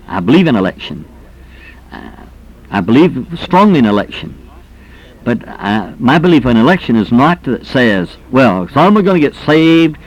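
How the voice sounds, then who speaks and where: Male preacher, earnest, emphatic, folksy storytelling, muffled old recording. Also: mid-range voice. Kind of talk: sermon on soul winning.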